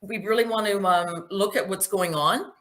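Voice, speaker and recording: A woman's voice: medium pitch, moderate pace, a bit bright. Emphatic woman asking rhetorical questions. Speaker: speaker giving a presentation. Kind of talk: spoken presentation with Q&A.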